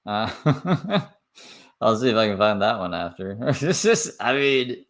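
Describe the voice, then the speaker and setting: A man's voice: on the low side, big pitch swings, unhurried. A man from Canada giving casual reaction commentary, swearing and laughing between remarks. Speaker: reaction streamer.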